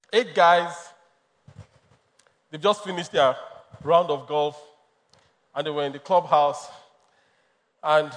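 A man's voice: sits high, a bit bright. A man preaching a sermon, emphatic and storytelling, laughing often. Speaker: pastor. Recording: long reverb of a large hall.

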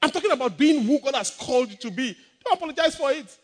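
A pastor preaching a sermon emphatically, repeating exhortations and calling for responses from the congregation. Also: male voice, very high-pitched, expressive, fast, long reverb tail.

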